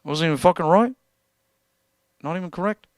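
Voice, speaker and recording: A man hosting a livestream who chats casually with his viewers and reads out their comments. He talks in an animated, joking way and swears freely. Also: high voice, normal speed, no echo, clean studio sound. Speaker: livestream host and guitarist.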